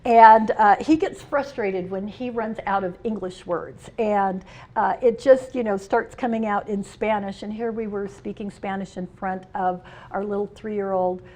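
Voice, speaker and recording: A middle-aged woman, a union president, giving a conference speech. She tells humorous personal stories with shifts between loud and soft. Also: mid-range voice, fairly even intonation, unhurried. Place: conference hall.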